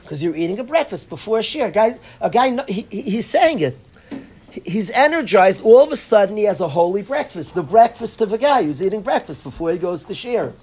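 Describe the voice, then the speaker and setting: A man's voice: high voice, big pitch swings, brisk, darkish tone, breathy edge. A man gives a Torah lecture to students. He speaks earnestly, repeating his points and mixing in Hebrew and Yiddish terms. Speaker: rabbi teaching in a yeshiva.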